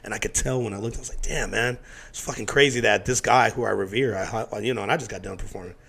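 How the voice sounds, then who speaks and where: A middle-aged man talks quickly in a loose, casual chat, jumping into other people's voices as he tells stories. His voice has a gravelly, fry-heavy texture, and he swears freely. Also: lowish voice. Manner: animated storyteller who acts out quotes, swears freely. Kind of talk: casual conversation.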